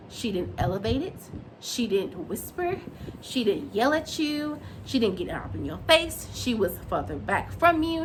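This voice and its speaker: A woman giving an animated, opinionated recap of a reality show and acting out what the cast said. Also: a little high, a little hiss or hum. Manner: animated, opinionated, acts out quotes. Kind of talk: casual recap and commentary.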